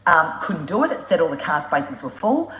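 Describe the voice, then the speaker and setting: Low-voiced woman, roomy echo. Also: a little fast. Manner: animated and blunt, swears freely, laughs often. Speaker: motorbike traveller hosting a live Q&A. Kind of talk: casual live-stream storytelling.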